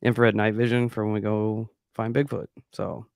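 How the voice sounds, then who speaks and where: A man's voice: on the low side, flat delivery, moderate pace, gravelly, darkish tone, smooth, dry recording, clean studio sound. A middle-aged man co-hosting a podcast over a choppy internet call, talking in a laid-back, slangy way. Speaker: podcast co-host. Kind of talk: casual chat. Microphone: boom-arm mic over a call.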